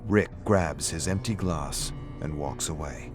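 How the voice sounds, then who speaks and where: A man giving a steady, matter-of-fact scripted narration of a story. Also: very deep voice, measured pace. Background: faint music.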